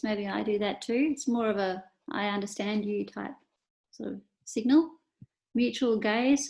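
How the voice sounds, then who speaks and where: A woman's voice: a little high, dark tone. A woman with an Australian accent teaching a class, explaining slides in a casual, unscripted way with fillers and asides. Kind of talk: lecture over slides.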